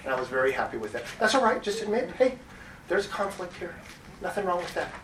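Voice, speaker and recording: A man's voice: high voice, sing-song, quick pace, a bit bright, recorded from a distance, a little hiss or hum. Rambling man at a council lectern. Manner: rambling, repeating words and restarting. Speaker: public commenter. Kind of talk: public comment at a city meeting. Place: council chamber. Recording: echoey chamber heard from off-mic.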